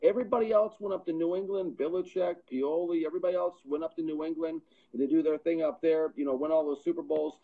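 Middle-aged man, slightly high voice, earnest testimony, repeats words as he builds, dull lo-fi sound. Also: fairly even intonation, fast. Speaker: podcast guest, pro football scout. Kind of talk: personal testimony storytelling.

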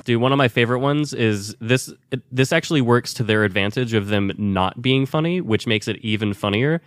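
A man's voice: mid-range voice, a little fast, clear, resonant tone. A man co-hosting a podcast in casual chat, enthusiastic and casually profane. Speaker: podcast co-host.

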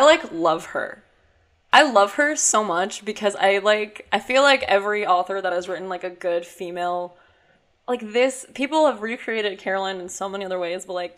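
A woman's voice: mid-range voice, fairly bright tone. A young woman co-hosting a chatty podcast, bubbly and gushing, filling her talk with "like" and acting out little quotes. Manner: bubbly, gushing, heavy use of "like", acts out quotes. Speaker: podcast co-host. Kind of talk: casual chat.

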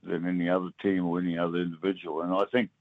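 A former rugby player from New Zealand, now older, is being interviewed by radio hosts over a tinny, thin phone connection with no echo whatsoever. He delivers everything flatly in a low voice, stopping and restarting in halting bursts and leaning heavily on fillers.

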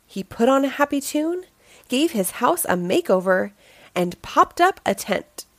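A woman reading a children's picture book aloud, telling the story in a slow, expressive way. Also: sits high, no echo.

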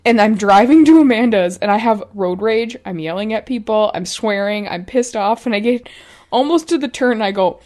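A woman with a medium-pitched, darkish voice talks briskly as a podcast co-host. She tells stories in a casual chat, swearing freely and laughing often.

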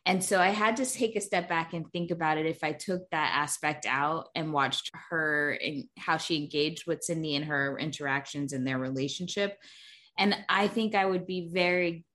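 Woman cohost, lowish voice, thoughtful, laughs a lot. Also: fairly bright tone. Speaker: podcast co-host. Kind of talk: casual film discussion.

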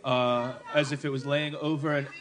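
A man's voice: mid-range voice, little pitch movement, normal speed, fairly bright tone. A man hosting a live comedy podcast, rambling and self-mocking, often laughing, on a noisy live stage. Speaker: host. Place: live stage in a hut venue.

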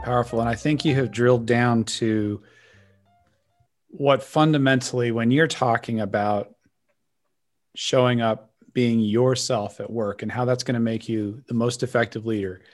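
Man, podcast host, affirming, summarizes takeaways, asks follow-ups, mid-pitched voice. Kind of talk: interview host.

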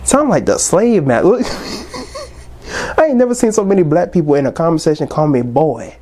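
A man in his twenties holds forth on his podcast in a casual, impassioned way, preaching at his listeners. His voice sits a little high but stays soft and mellow. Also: wildly swooping pitch, normal speed. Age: 20s. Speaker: podcast host.

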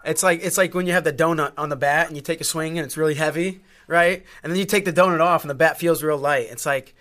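Male podcast host, joking questioner, fairly high, crisp voice. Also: fairly even intonation, quick pace, fairly bright tone. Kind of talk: casual interview chat.

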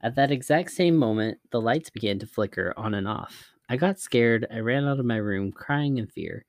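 A man narrating scary stories in a measured, even storytelling manner. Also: mid-range voice, dry recording, clean studio sound.

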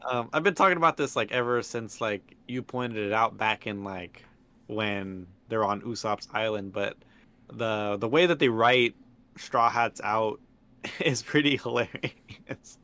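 A man's voice: fairly low pitch, measured pace, pushed and bright. A man co-hosting a podcast in casual chat, easygoing, laughing often and restarting his sentences. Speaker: podcast co-host.

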